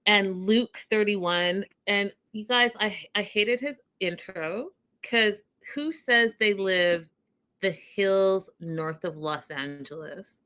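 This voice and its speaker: This is a woman with a bright, forceful voice who talks at a slow, unhurried pace. She recaps reality TV in a casual, animated way, laughing along and calling the audience y'all. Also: mid-range voice, clean tone.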